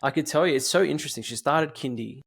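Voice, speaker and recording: Aussie guy in his 30s hosting a podcast, gravelly voice, rambly and animated. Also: fairly high pitch, fast talker. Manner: rambling, animated storytelling with many fillers. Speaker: podcast host. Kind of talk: casual podcast chat.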